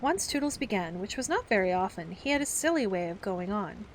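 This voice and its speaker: A woman reading a children's classic aloud as a gentle bedtime story, taking on the characters' voices. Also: big pitch swings, a little fast, slight background noise. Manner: acts the characters with raised pitch for the children's outbursts.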